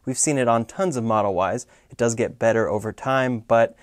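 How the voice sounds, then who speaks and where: A man's voice: mid-range voice, moderate pace, no room sound. Dry-sounding man giving casual tech commentary. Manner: conversational, adds personal asides. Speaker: tech YouTuber summarizing earnings news. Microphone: dedicated microphone.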